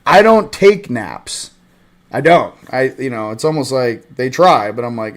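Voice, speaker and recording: A man hosting a spiritual livestream in casual chat, rambling and joking and swinging between loud bursts and quiet asides. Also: mid-range voice, expressive, measured pace.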